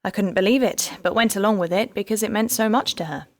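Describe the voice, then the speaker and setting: A woman's voice: medium pitch, fast talker, natural voice. An audiobook narrator, a woman, voicing a heartbroken female detective who tells her past with wry bitterness. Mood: bitter. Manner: wry, rueful storytelling.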